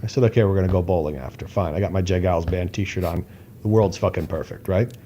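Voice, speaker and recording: A man's voice: low-pitched, fast talker, mellow, lo-fi sound, a little hiss or hum. A man co-hosting a podcast, telling a casual story animatedly, acting out voices and swearing now and then. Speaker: podcast co-host.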